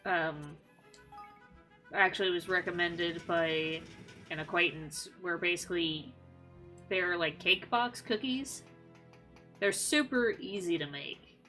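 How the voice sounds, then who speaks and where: A woman's voice: on the low side, takes it slowly, long pauses, sharp tone, soft background music. A woman streamer chatting casually while gaming, rambling with many likes and ums. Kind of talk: casual gameplay chat.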